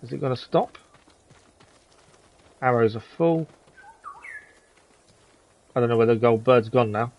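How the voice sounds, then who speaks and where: A man's voice: mid-range voice, measured pace, pauses often, highs cut off. A man hosting a live gaming stream, chatting casually with viewers and commenting on the game. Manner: chatty, friendly, reads chat aloud, says "to be fair" often.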